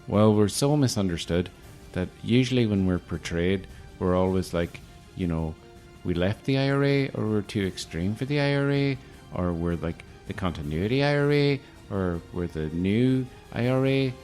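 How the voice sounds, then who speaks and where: A man's voice: fairly low pitch, lively intonation, normal speed, hardly any pauses, a little mellow, soft background music, lightly acted. A man doing a sly, rambling Northern Irish paramilitary. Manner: rambling, teasing, mock-formal "Mister Ford".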